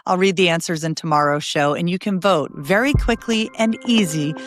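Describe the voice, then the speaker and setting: News roundup woman, kinda low voice, brisk and chatty, dry studio sound. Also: no echo, soft background music. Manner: brisk, chatty asides between stories. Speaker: news podcast host.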